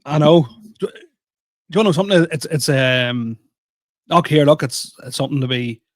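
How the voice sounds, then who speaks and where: A young comedian co-hosting a podcast tells rambling, self-deprecating stories in casual chat, restarting his sentences often. His voice is slightly high at a moderate pace, recorded dry with studio quality.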